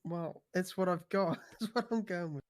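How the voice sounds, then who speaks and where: A woman's voice: on the low side, moderate pace, darkish tone, a little hiss or hum. A woman in character during game roleplay, speaking in an offhand, joking way.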